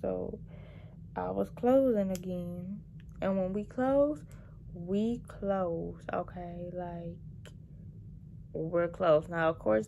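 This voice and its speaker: Young woman doing storytime, sassy and animated, gravelly fry in her voice. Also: fairly low pitch, slight background noise. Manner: animated, sassy, petty venting with dramatic emphasis. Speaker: vlogger telling work stories. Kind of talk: casual storytime monologue.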